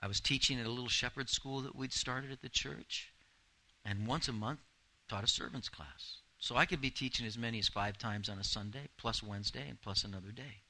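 A man in his fifties delivers a sermon as a pastor, earnest and emphatic, leaning on repeated phrases. His voice is very bright and forward, pitched in an ordinary male middle range. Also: brisk, low-quality recording.

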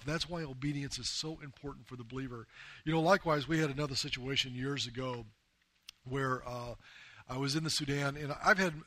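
A man's voice: medium pitch, bright, forceful tone, no room sound. A man from the United States giving an earnest personal testimony as a missionary to a group of men, often calling them "guys". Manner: earnest storytelling, often addressing the listeners as "guys". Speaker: missionary speaking to a men's group.

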